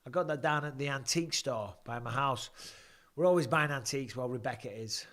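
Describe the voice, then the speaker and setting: A male streamer in his forties runs casual live fight commentary from his home, bantering and joking as he reads out and answers questions from viewers. He speaks briskly in a mid-range voice with a fairly bright tone.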